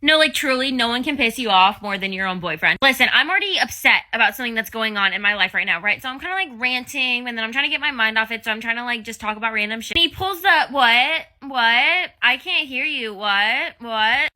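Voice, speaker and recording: A woman's voice: on the high side, expressive, quick pace, few pauses, pushed and bright. A woman ranting to camera in a blunt, exasperated, sassy way. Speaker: social media poster.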